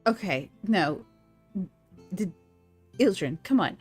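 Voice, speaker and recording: A woman's voice: mid-range voice, lively intonation, takes it slowly, darkish tone, husky, no room sound, faint music behind. Female player, plain and direct, casual game talk. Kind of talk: casual tabletop play.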